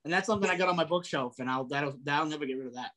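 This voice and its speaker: A man co-hosting a casual collectibles chat, telling stories with lively acted-out dialogue and frequent restarts. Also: a little high, very fast. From New England, US. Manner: animated storyteller, acts out dialogue. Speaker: podcast co-host.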